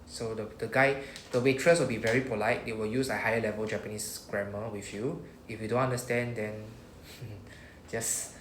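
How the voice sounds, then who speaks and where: A man's voice: lowish voice, fairly even intonation, moderate pace, fairly bright tone. Singaporean man teaching in an echoey classroom. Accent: Singaporean English. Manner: patient, explaining step by step with models to repeat. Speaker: Japanese teacher. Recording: echoey room with faint noise.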